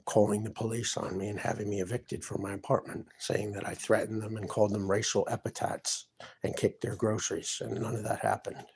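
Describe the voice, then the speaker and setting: Filming himself in his apartment, an aggrieved, distressed man vlogger rambles on at length, piling one complaint on the next. His voice is lowish, gravelly and darkish in tone, and there is a little hiss or hum on the recording.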